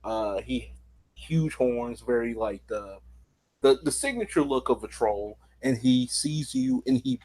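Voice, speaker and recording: A man's voice: mid-range voice, sing-song, unhurried, a little mellow, a little hiss or hum, poor audio. A man narrating as game master of a tabletop game, rambling and leaning on filler words. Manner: rambling, many fillers like "basically".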